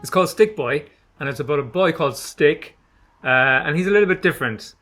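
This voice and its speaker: A man with a slightly raised pitch chats easily as he introduces the children's book he wrote. His delivery is relaxed, and he slows down now and then to let a line land. A faint guitar plays behind him. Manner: chatty, relaxed, slows down for emphasis. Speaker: author reading his own book. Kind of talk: casual introduction to a book reading.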